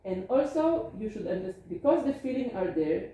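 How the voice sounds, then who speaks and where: A woman doctor lectures caregivers in careful English, building her points with little spoken examples. Her voice is mellow and sits far from the mic in a strongly echoing room, with faint noise behind. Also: mid-range voice, big pitch swings, brisk. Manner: earnest, explains with spoken examples, non-native grammar. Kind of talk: seminar lecture. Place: seminar room. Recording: distant voice in an echoey room.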